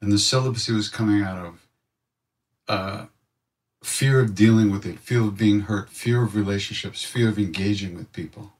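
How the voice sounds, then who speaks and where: Man, low voice, reflective storytelling, animated retelling, heard from a distance. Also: normal speed. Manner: animated, mimics voices in quoted speech. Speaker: spiritual storyteller.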